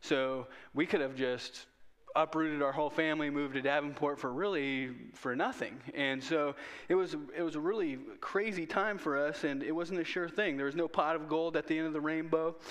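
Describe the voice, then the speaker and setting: A man's voice: fairly high pitch, fairly even intonation, moderate pace, fairly bright tone. A man preaching a sermon in an earnest, conversational way, often restarting his sentences. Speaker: pastor.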